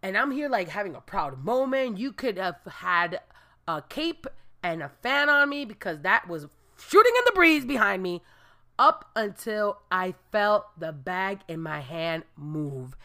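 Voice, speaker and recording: Animated woman. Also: lowish voice, moderate pace. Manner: animated, expressive, bursts into shrieks and Spanish exclamations. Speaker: storyteller. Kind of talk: comic personal anecdote.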